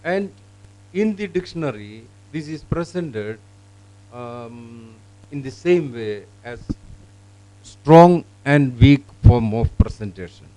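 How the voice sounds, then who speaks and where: A man with an Indian English accent demonstrating teaching software, explaining with fillers and small grammar slips. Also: medium pitch, animated, slow pace, poor audio. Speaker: company presenter. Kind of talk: product demonstration.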